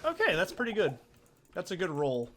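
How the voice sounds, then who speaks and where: Over music, a man with a high voice and huge pitch swings talks fairly quickly as he plays a video game. He's a let's play host whose chatty commentary rambles across topics and is full of profanity.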